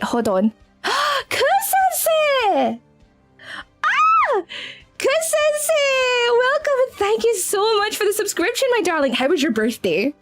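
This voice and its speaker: A woman with a Scottish accent chats on a live stream, her high voice swooping up and down as she giggles and gets flustered. She calls her viewers darling. Soft music plays faintly underneath. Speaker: VTuber streamer. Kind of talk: casual live-stream chat.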